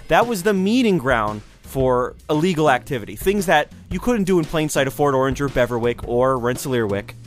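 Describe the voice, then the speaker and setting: A man's voice: medium pitch, lively intonation, brisk, few pauses, faint music behind. A man hosting a history show, telling the story in a loose, conversational way with speculative asides. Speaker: history podcast host. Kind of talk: casual history lecture.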